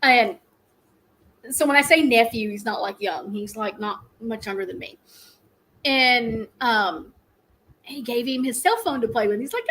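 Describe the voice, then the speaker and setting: A woman's voice: a little high, lively intonation, a little slow, pauses often, a bit bright, rough recording. A middle-aged woman, hosting a casual live stream and telling rambling stories with frequent laughs. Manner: chatty, rambling storyteller, laughs often.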